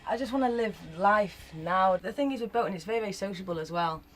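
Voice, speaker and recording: A woman's voice: mid-range voice, quick pace, a little hiss or hum, poor audio. A woman who travels the waterways on a boat, chatting upbeat and casually about her life. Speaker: canal boater. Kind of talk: casual interview.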